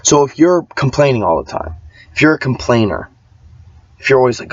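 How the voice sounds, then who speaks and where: A man's voice: mid-range voice, sing-song, normal speed, dry recording. A man ranting in a casual vlog monologue, emphatic and profane, rambling with many restarts. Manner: often mimics other people's voices. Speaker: vlogger. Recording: dull lo-fi sound, dry.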